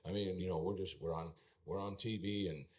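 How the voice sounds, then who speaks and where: Man, middle-aged, very low voice, animated storyteller, podcast studio, faint room hum. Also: brisk. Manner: animated storyteller, acts out quoted exchanges. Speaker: podcast guest, retired rodeo bullfighter. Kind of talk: casual storytelling.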